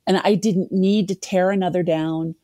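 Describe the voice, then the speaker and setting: Woman, fifties, guest, personal story, self-deprecating, lowish voice, dry close sound. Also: fairly even intonation, moderate pace, mellow, dry recording. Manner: candid, self-deprecating, laughs at herself.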